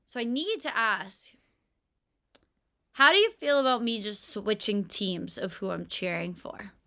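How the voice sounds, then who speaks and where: Bright-voiced, giggly young woman. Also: mid-range voice, lively intonation, measured pace. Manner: giggly, opinionated, playful. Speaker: podcast co-host. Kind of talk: casual chat.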